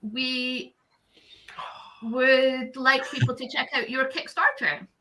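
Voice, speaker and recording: Bubbly bright-voiced woman. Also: sits high, takes it slowly, a little hiss or hum, poor audio. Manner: bubbly and excitable, laughs often. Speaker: host. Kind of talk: casual live-stream chat.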